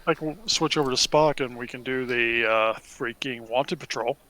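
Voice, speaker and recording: A man's voice: mid-range voice, normal speed, crowd noise, rough recording. A man co-hosting a gaming livestream in casual chat, matter-of-fact and often restarting his sentences.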